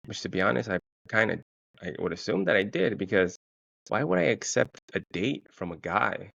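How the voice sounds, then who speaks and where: A man, hosting a casual solo podcast and telling a story with lots of swearing, jumping into a higher, excited voice when he quotes himself. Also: normal speed, gravelly, no room sound, highs cut off. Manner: profane storytelling, quoting himself in a raised, excited voice. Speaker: podcast host.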